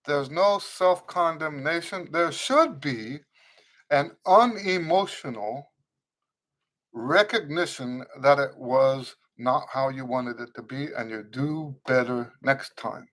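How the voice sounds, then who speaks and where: Taking things slowly in a mid-range, fairly bright voice, a trumpet teacher answers questions on an unscripted live stream. He's earnest and instructive, repeats important phrases, and greets viewers while reading their comments aloud.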